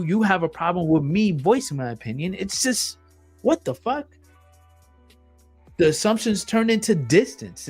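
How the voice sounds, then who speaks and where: A man hosting a solo podcast, blunt and emphatic, swearing often and repeating himself for effect. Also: sits high. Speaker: podcast host.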